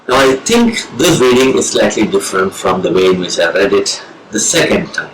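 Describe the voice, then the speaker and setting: A man with an Indian English accent, a professor of English giving a slow, measured lecture on reading poetry with deliberate pauses. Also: fairly low pitch, sing-song, background noise. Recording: roomy with faint ambience.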